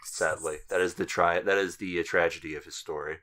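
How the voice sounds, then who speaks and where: A male podcast co-host with a very low voice, who delivers his jokes flat and dry. He chats in an easygoing way. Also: a little fast. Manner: dry, deadpan. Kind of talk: casual chat.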